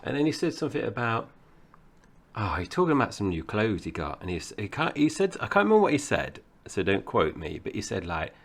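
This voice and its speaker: A man's voice: fairly low pitch, sing-song, a little fast, vocal fry. A man in his forties from Essex with a Cockney-tinged accent, co-hosting a casual film podcast and rambling chattily with frequent laughs. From Essex, England. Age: 40s. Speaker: podcast co-host.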